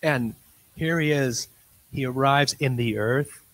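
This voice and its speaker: A man preaching a sermon, telling a story in acted-out dialogue and swinging from quiet asides to loud, excited bursts. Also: medium pitch, takes it slowly, no echo, low-quality recording. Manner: tells stories in quoted dialogue.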